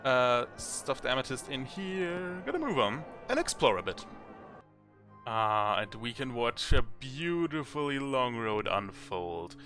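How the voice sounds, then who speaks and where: A man's voice: mid-range voice, sing-song, unhurried, fairly bright tone, faint music behind. A man commenting on a game as he plays it and reading its text aloud, chatty and thinking aloud. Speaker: let's play host.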